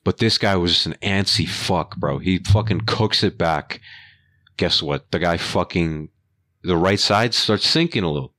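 Deep-voiced young man telling a profane story. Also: unhurried, no room sound, studio quality. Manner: profane, slangy, animated retelling with quoted voices. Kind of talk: casual storytelling chat.

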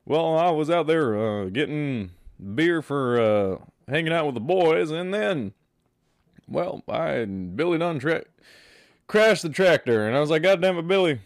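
A man's voice: fairly high pitch, lively intonation, measured pace, no echo, studio quality, pitched above the performer's own voice. A man imitating a grumpy cartoon dad, twangy and exasperated. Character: grumpy Texan cartoon dad scolding his son.

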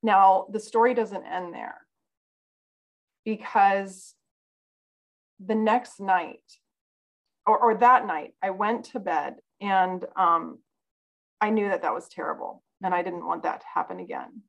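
A woman's voice: medium pitch, takes it slowly, vocal fry, pauses often, rough recording. A woman guest on a podcast, telling a personal story in an earnest, conversational way.

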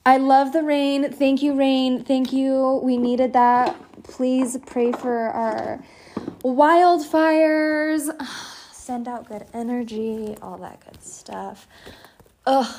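Young woman rambling slow outside in the cold, kinda high voice, giggly, whispers sometimes, faint noise behind. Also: darkish tone. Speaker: vlogger. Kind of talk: rambling casual monologue. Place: outdoors.

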